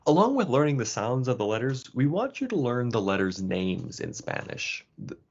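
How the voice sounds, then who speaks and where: A man explaining pronunciation as a course instructor, in a relaxed, casual way. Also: medium pitch, moderate pace. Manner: casual, with fillers and restarts. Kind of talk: explanatory lesson narration. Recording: dull lo-fi sound.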